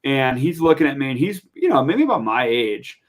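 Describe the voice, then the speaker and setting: Young adult man, podcast guest; animated, rambling storyteller, mid pitch. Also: a little fast. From Montana, USA. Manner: animated, chatty, lots of fillers. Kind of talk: casual storytelling.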